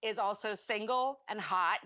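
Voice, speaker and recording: A woman's voice: mid-range voice, a little slow, pushed and bright, dry recording, highs cut off. A woman co-hosting a podcast, chatting casually about a movie in a rambling way, often correcting herself mid-sentence. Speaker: podcast co-host.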